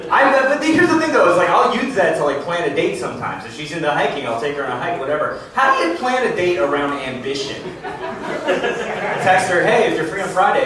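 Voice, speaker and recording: Animated young man doing stand-up in a roomy club. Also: high-pitched. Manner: casual, conversational, self-deprecating. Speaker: stand-up comedian. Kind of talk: stand-up comedy set. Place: comedy club with a laughing audience. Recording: roomy club sound from a distant mic, crowd laughter.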